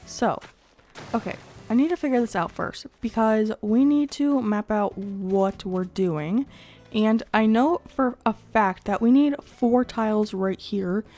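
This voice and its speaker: A woman's voice: fairly high pitch, measured pace, dark tone. Congested, chatty woman gaming host. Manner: chatty and upbeat, thinking aloud while building. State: congested from a cold. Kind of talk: casual gameplay commentary.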